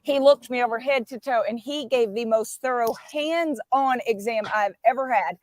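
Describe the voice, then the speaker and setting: A woman's voice: fairly high pitch, normal speed, no room sound. A middle-aged woman, talking with emphatic enthusiasm as a guest on a live stream. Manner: fired up and emphatic. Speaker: guest speaker.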